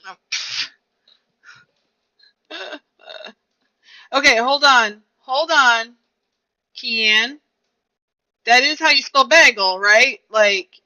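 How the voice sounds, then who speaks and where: A woman's voice: fairly high pitch, drawn-out words, long pauses, pushed and bright. A young woman streamer chatting casually and rambling to herself while she plays a game. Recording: dull lo-fi recording.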